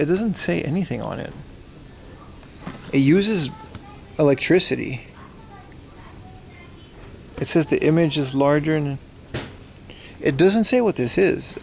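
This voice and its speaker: A man's voice: fairly high pitch, gravelly, slight background noise. A man casually chatting on a livestream as he browses a secondhand shop, slangy and talkative, answering his chat.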